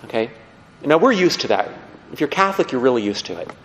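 A man preaching a lively, conversational sermon, acting out the people he quotes. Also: medium pitch, fast talker. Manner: animated, conversational, acts out quotes. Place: church. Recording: long hall reverb.

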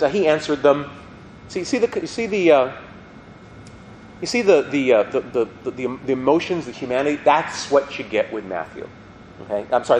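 Guy lecturing a class, lively up-and-down voice, pitch kinda high, some faint background noise. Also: poor audio. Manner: animated, conversational, asks students questions. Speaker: religion teacher.

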